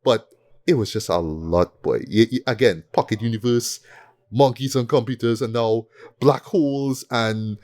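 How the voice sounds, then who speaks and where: Guy hosting a movie podcast, lively, keeps saying right? and boy. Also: mid-range voice, moderate pace. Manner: animated, repeats himself, tag questions. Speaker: podcast host. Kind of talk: casual movie review chat.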